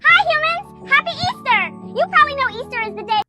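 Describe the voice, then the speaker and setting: A woman's voice: very high-pitched, animated, a little fast. A sugary alien girl. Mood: gushing. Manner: gushing, over-cheerful, New Age preachy. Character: bubbly alien girl greeting humankind. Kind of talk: social media video clip. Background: music.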